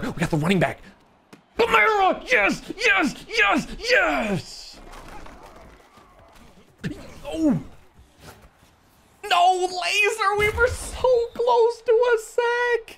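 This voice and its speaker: Young guy with a fairly high voice hyping up his football game, animated, talks with his hands. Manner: excitable, shouts and laughs at big plays, talks to viewers. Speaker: video game commentator. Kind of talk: live gameplay commentary.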